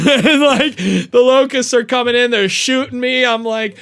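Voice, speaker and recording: A young adult man, a podcast guest, telling a long story in casual, profane and animated fashion. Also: very high-pitched, moderate pace, few pauses, smooth.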